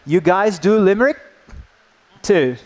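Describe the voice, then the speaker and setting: Guy running a teacher workshop, bit high voice, keeps asking yeah?. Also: unhurried. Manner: lively, engaging, checks in with "yeah?" often. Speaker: workshop presenter, teacher trainer. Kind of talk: live teacher-training workshop. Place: indoor workshop room.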